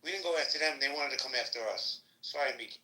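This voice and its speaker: A man's voice: a little high, fast talker, bright, forceful tone, echoey room, poor audio. A man in a casual political discussion, interrupting urgently to correct a point.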